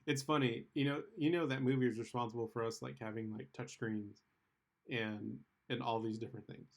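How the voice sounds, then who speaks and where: A man's voice: mid-range voice, steady tone, fairly quick, vocal fry. A man co-hosting a podcast in casual chat, joking and rambling with lots of filler words. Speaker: podcast co-host.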